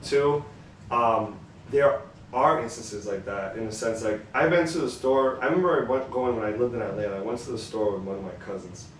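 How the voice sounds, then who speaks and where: A man co-hosts a podcast, asking questions, teasing his friend and telling lively stories in a mid-pitched voice. He sits away from the mic in a very echoey room with faint background hiss. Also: a little fast, far from the mic. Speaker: podcast co-host. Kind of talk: casual chat and storytelling.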